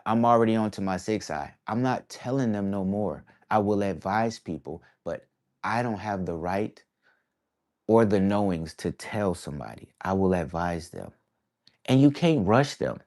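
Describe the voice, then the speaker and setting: A man's voice: low-pitched, animated, normal speed, darkish tone. A man from the East Coast of the United States, an artist talking casually to his viewers in a rambling, reflective way full of slang. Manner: rambling, reflective, peppered with "bruh" and "y'all". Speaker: artist vlogger. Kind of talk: casual talk to camera.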